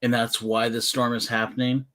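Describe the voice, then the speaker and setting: A man's voice: medium pitch, completely flat delivery, moderate pace, pushed and bright. A male guest in a casual comic book discussion, enthusiastic and opinionated.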